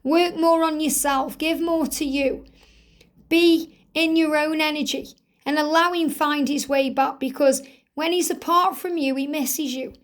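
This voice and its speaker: A woman with a slightly croaky throat, giving an earnest spiritual card reading and relaying messages in the first person. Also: high-pitched, fairly even intonation, measured pace. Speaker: tarot reader.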